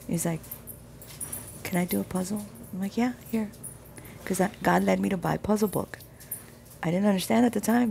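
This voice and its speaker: A woman's voice: dark tone, a little hiss or hum. A woman sharing a personal faith testimony, earnest and reflective, sometimes dropping to a whisper. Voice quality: gravelly low voice. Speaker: Christian vlogger sharing testimony.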